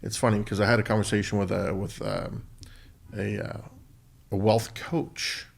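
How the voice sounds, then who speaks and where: A middle-aged man co-hosting a podcast, talking in a thoughtful, halting way with restarts. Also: lowish voice, flat delivery, vocal fry. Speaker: podcast co-host. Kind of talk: casual conversation.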